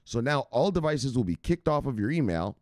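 A man hosting a crypto news stream, talking casually with slang and loud shout-outs, explaining things step by step. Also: mid-range voice, big pitch swings, brisk, no room sound, clean studio sound. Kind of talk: casual livestream talk.

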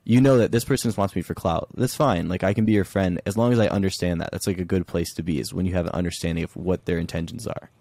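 Low gravelly young guy, laid-back podcast guest, lots of "like", dark mellow tone, dry sound. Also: fairly even intonation, fast, few pauses, no echo. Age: young adult. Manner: laid-back, fills speech with "like". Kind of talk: casual podcast chat. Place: his childhood bedroom at home.

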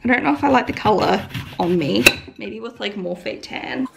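Chatty Kiwi woman with a gravelly edge. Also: medium pitch, expressive, normal speed, very noisy. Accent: New Zealand. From New Zealand. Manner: chatty and rambling, lots of "like" and "um", with some whispered asides. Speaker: vlogger. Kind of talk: casual daily vlog chat.

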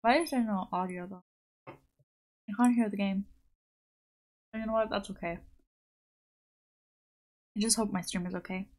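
A woman's voice: mid-range voice, steady tone, measured pace, pauses often, darkish tone. A young woman VTuber chatting casually on a game stream, rambling along with lots of likes and ums. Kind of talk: casual live-stream chat.

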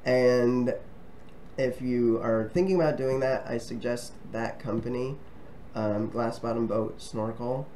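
A man's voice: medium pitch, fairly even intonation, measured pace, dark tone, slight background noise. A man casually talking to camera as a travel vlogger, friendly and rambling, with frequent ums and restarts. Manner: friendly and chatty.

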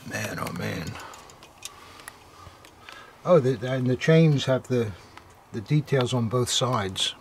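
An older man talks through an unboxing in a relaxed, hesitant way, pausing on fillers and letting out amazed asides. Faint noise sits under the recording. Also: medium pitch. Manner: hesitant, full of fillers and awed exclamations. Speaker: militaria dealer hosting unboxings. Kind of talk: casual unboxing chat.

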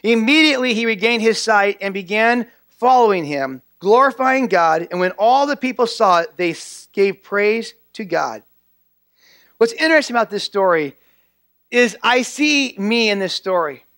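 A man's voice: sits high, lively intonation, normal speed, fairly bright tone, no echo, studio quality. A male pastor preaching a sermon in a church, earnest and repeating key phrases for emphasis.

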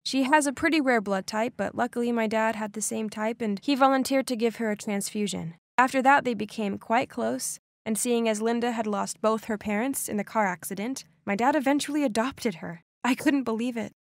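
Young woman, first-person story narrator, expressive and dramatic, fairly high voice, dry close sound. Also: brisk, few pauses, dry recording.

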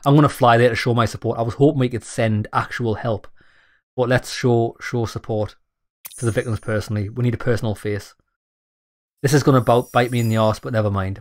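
A man's voice: medium pitch, steady tone, a little fast. A young man doing let's play commentary, blunt and sweary, reading game text aloud and reacting. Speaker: gaming YouTuber.

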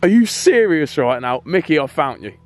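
A young man filming an acted vlog skit, shouting pleas and orders at a prankster, then calmly talking to his viewers. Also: a little high, normal speed. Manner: shouting pleas and commands, then calm to-camera wrap-up. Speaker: vlogger. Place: outdoors and in a car at night.

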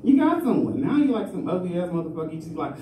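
A man's voice: high voice, big pitch swings, fast. Rambling man doing open mic stand-up. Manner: rambling, self-mocking, laughs at own jokes. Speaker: stand-up comedian. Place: small comedy club stage. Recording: roomy club sound from far off, faint noise.

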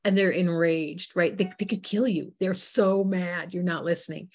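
A woman guest author in an interview, telling animated stories and acting out the voices of the people in them. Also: lowish voice, moderate pace. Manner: animated storytelling, acts out quoted voices. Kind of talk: interview conversation.

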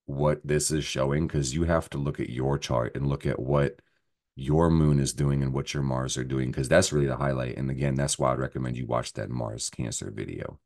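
A man's voice: a bass voice, a little mellow. A man giving a casual astrology forecast, profane and rambling, joking as he goes through the week. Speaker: astrology vlogger.

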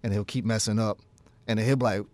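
Thirties male musician guest, low-pitched, dry close studio mic, casual anecdotal delivery that acts out remembered dialogue. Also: fairly even intonation, fast, a little mellow, no echo. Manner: storytelling, acting out his own past dialogue. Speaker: jazz pianist guest and teacher. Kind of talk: casual radio interview. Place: radio studio.

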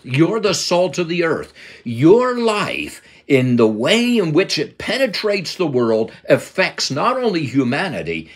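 An older Bible teacher with a slightly husky, mid-range voice gives a lesson in an emphatic preaching cadence, quoting scripture as he goes.

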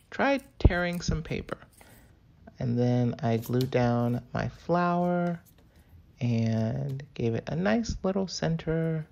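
Brief: casual male craft-tutorial voice, slightly raspy with some fry. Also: on the high side, lo-fi sound. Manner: chatty and playful.

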